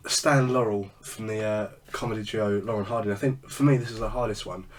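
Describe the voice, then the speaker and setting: A man's voice: fairly low pitch, fairly even intonation, a little fast, recorded from a distance, a crowd in the background. A man co-hosting a casual podcast chat, rambling with lots of fillers and restarts. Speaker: podcast co-host.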